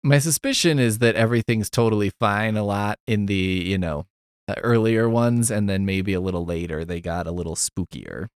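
Male podcast host, low pitch, lively and jokey, quick little character voices, swears freely. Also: clear, resonant tone, no echo, clean studio sound. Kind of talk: casual comedic recap.

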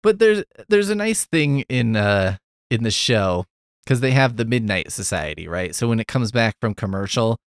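A man's voice: medium pitch, no room sound, studio quality. A man hosting a podcast, recapping an old TV episode in a casual, joking way, swearing and acting out the characters. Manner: animated storytelling, swearing, quick character voices. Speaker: podcast host.

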